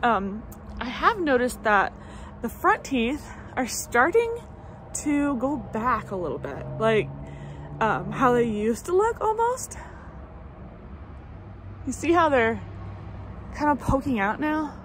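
A woman's voice: a little high, sing-song, slow pace, pauses often, slight background noise. A woman in her thirties chatting casually in a vlog update, rambling with lots of fillers and restarts. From United States. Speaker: vlogger. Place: home in summer, traffic passing outside.

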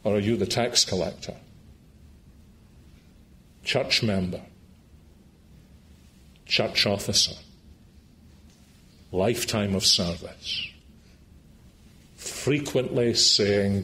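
A Scottish preacher delivers his sermon at an unhurried, deliberate pace. His voice sits on the low side, and he presses his appeals to the listener with earnest pleading before closing in prayer. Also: sharp tone. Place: church meeting.

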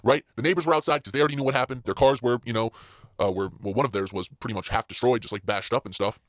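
Fast-talking man rambling in his car. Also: mid-range voice, a bit bright, no room sound, clean studio sound. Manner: rambling, full of fillers and restarts. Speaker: podcast host. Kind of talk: casual solo podcast chat. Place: inside a parked car.

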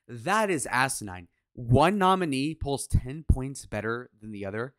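A man's voice: mid-range voice, big pitch swings, moderate pace, few pauses, no echo. Male reaction host: heated rants, sarcastic, crude, dry close mic. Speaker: reaction commentator. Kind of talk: reacting to podcast clips.

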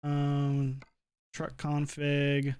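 A man's voice: a little high, monotone, drawn-out words, darkish tone, clear, resonant tone, no echo, studio quality. A man streaming a truck driving game, chatting casually and thinking aloud, swearing now and then. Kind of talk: casual gameplay chat.

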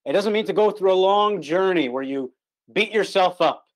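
A man's voice: high voice, normal speed. Earnest, emphatic male gospel preacher. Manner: earnest, emphatic, repeats key words. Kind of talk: gospel sermon. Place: online call.

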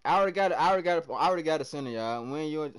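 A young man from the American South streaming a game live, chatting with his viewers in hyped, slangy bursts that swing between loud and soft. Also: a little high, animated, rapid-fire, clean tone.

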